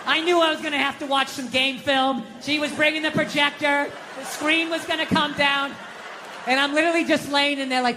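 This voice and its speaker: A middle-aged male comedian tells a story on stage, swearing freely and mocking himself in an exasperated, lively voice. His stage mic carries a long hall echo with faint noise underneath. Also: extremely high pitch, fast. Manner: profane, exasperated, self-mocking. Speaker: stand-up comedian. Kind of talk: stand-up storytelling. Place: comedy stage before a live audience.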